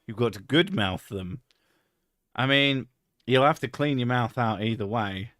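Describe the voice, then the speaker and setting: A man hosts a live stream, trading crude jokes and swearing freely in loose, rambling chat. His voice sits at an ordinary pitch, recorded close and dry with no room sound. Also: animated, measured pace, fairly bright tone, no room sound. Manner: crude, joking, swears often. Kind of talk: casual chat.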